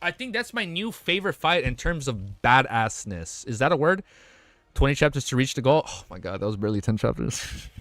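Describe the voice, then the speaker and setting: A young man streaming, reading a web novel aloud and breaking off to react in excitable, slangy, profane bursts. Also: a little high, a little fast, no room sound, soft background music.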